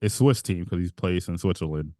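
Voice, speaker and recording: A man's voice: deep voice, animated, fairly quick, dark tone, no room sound, studio quality. A man co-hosting a podcast in casual chat, telling a rambling story and laughing as he goes. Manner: rambling, self-interrupting storyteller who laughs mid-sentence. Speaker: podcast co-host.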